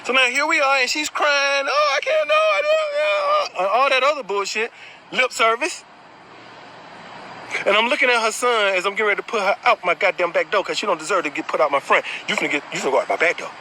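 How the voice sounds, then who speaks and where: A man telling his own story in a blunt, animated way, swearing freely. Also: sits high, fast, a little hiss or hum, poor audio. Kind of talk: casual storytelling.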